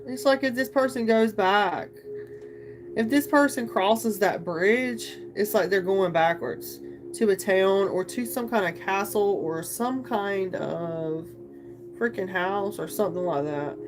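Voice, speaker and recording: A woman's voice: medium pitch, a little slow. A woman hosting a live tarot reading stream, chatting casually and rambling to her viewers. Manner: chatty, rambling, addresses viewers as you guys. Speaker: tarot reader livestream host. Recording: singing bowl music playing behind.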